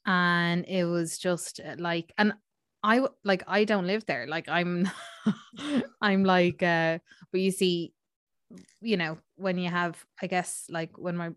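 Speaking slowly in a lowish voice, a woman chats casually as a podcast co-host, rambling and using lots of fillers. The recording is studio quality with no echo.

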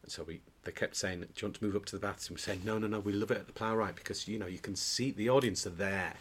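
A man with a lowish voice talks fast, a little hiss or hum audible in the recording. The pantomime dame actor is a guest on an indoor podcast, casually trading jokey stories, restarting frequently and laughing in bursts.

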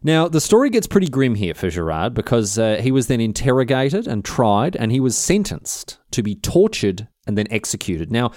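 A man's voice: mid-range voice, sing-song, moderate pace, hardly any pauses, a little mellow, no echo, studio quality. A man hosting a history podcast, telling stories in a slangy, irreverent, casual way. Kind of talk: casual comedic storytelling.

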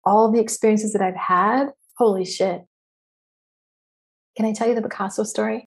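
A woman's voice: medium pitch, fairly even intonation, moderate pace. Woman coach on a podcast, emphatic and preachy, swears casually while she hypes you up. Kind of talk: motivational podcast talk.

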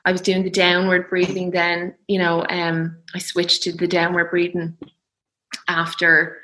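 A young woman telling her birth story in a soft, reflective, emotional way. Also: lowish voice, rough recording. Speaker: guest.

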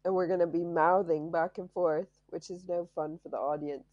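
A woman's voice: lowish voice, steady tone, moderate pace, no room sound, muffled recording. A woman hosting a podcast in casual chat, playful and joking, her voice a little tired. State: voice tiring. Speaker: podcast host.

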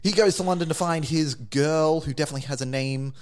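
A man's voice: fairly high pitch, fast. A man co-hosting a casual podcast, retelling a story in a rambling, playful way and laughing often. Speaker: podcast co-host. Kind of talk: casual chat.

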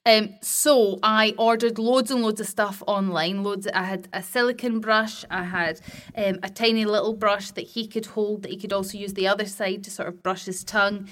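A woman's voice: medium pitch, steady tone, normal speed, a bit bright. Chatty woman podcast host. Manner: chatty, friendly storyteller. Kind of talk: casual podcast chat.

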